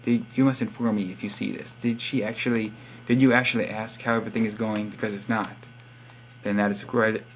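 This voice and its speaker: A man's voice: fairly low pitch, little pitch movement, a little fast, slight background noise. A young man reading out subscriber profiles in a casual, sarcastic, teasing monologue. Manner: sarcastic teasing, reads profiles aloud with wry asides. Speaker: vlogger giving subscriber shoutouts.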